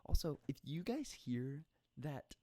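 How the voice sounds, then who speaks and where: A man's voice: fairly high pitch, very animated, slow, warm tone, no room sound. A young man hosting a casual solo podcast, rambling and joking about himself, with lots of restarts, talking into a podcast microphone at home. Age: young adult. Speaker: podcast host. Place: indoor room at home at night.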